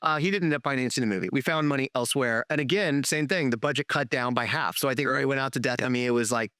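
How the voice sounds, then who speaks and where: A man's voice: mid-range voice, fast, no echo, clean studio sound. Profane, rambling man telling stories. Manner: rambling, profane, animated storyteller with restarts. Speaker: podcast host, filmmaker. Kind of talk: casual storytelling chat.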